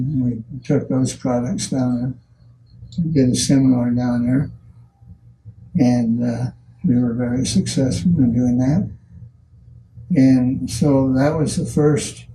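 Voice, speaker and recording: An older man in an interview, telling stories from his career slowly, with many restarts and pauses. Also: medium pitch, mellow, distant mic, slight background noise, poor audio. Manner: slow, halting storyteller with many restarts. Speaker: value engineering pioneer. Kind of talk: recollecting in an interview.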